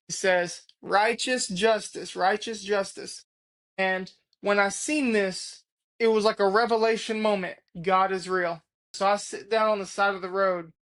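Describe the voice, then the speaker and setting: A man's voice: sits high, a bit bright. A man earnestly telling his personal faith testimony, with an emphatic style that repeats key phrases. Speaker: testimony speaker.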